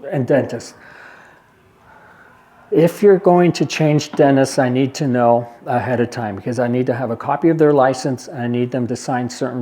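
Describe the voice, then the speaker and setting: A man's voice: mid-range voice, a little mellow. A man giving an informal briefing at an agency meeting, talking plainly, repeating his points and checking in with the room. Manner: conversational, repeats points, asks the room for questions. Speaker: presenter at a care agency meeting.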